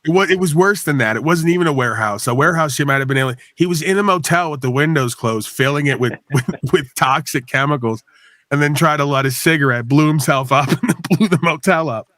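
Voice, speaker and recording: A man's voice: fairly high pitch, quick pace, no room sound, studio quality. A man hosting a livestream, telling a story in casual chat, laughing and swearing as he goes. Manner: laughing, profane, animated storytelling. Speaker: livestream host.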